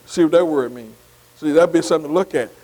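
A man's voice: on the high side, quick pace, dark tone, in a large hall, low-quality recording. A man teaching a Bible study class. He spells Greek words out letter by letter, keeps saying "see" between phrases and keeps asking the class if they follow.

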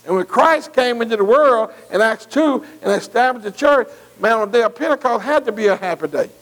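A man's voice: very high voice, expressive, a little fast, fairly bright tone, poor audio. A man preaching a folksy sermon, calling out to the congregation. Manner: folksy, call-and-response preaching with dialect.

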